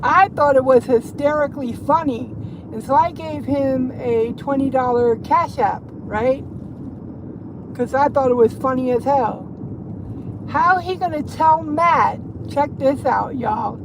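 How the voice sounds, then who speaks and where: Swearing, laughing and rambling, a woman gossips on a casual livestream as she drives her car. Her voice sits high and her pace is measured. Road noise fills the background.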